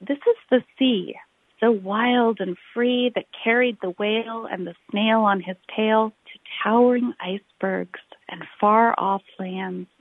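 A woman reading a children's picture book aloud, rhythmic and expressive, drawing out her phrases. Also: medium pitch. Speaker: storyteller. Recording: tinny phone-like recording.

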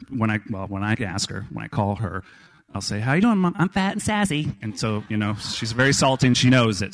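A man's voice: on the low side, fairly bright tone. A middle-aged man from Kansas telling family stories on stage in a wry, joking way. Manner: wry, joking, acts out voices in quotes. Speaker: storyteller. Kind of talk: live storytelling on stage.

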